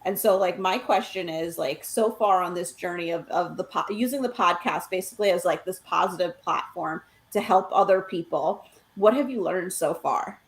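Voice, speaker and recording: A woman with a mid-range voice co-hosts a podcast and asks questions in a relaxed way. She uses lots of fillers, and the room gives her voice an echo. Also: fairly low pitch, moderate pace. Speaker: podcast co-host. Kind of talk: casual interview chat. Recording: roomy echo.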